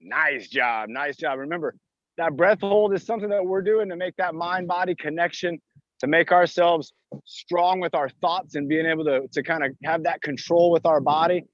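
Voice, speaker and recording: A man's voice: on the high side, normal speed, dry recording. A man leading a live outdoor workout class as fitness coach, encouraging and talking through each move as he exercises, recorded on a phone in a park. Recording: dull dry lo-fi phone audio.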